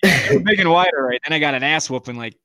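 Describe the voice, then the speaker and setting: A man's voice: fairly high pitch, fast talker, bright, forceful tone. A man in his forties co-hosting a podcast, telling crude stories in casual chat and laughing often. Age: 40s. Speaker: podcast co-host.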